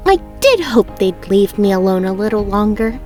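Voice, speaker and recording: A brisk, no-nonsense young princess from a storybook, crisp and matter-of-fact in a mid-range voice, as a woman reads her lines. Soft music hums faintly underneath. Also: medium pitch, big pitch swings, lightly acted. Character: brisk, practical young princess, easily annoyed.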